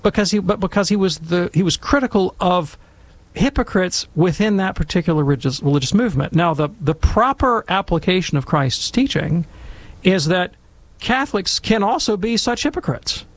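A man talking casually and emphatically, telling stories and giving commentary in an animated, conversational way. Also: high voice, normal speed, no echo.

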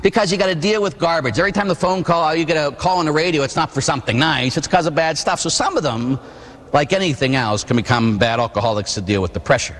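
A man in his forties from Pittsburgh, a priest preaching a sermon with animated storytelling and acted-out voices. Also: on the high side, quick pace, long reverb tail. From Pittsburgh, USA. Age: 40s. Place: church.

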